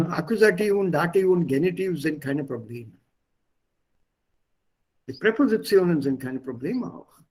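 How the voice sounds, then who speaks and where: A German teacher runs an online lesson, patiently explaining words and repeating them for his students. His slightly husky, somewhat high voice rises and falls with lively emphasis. He speaks a little slowly with frequent pauses, and the recording is rough.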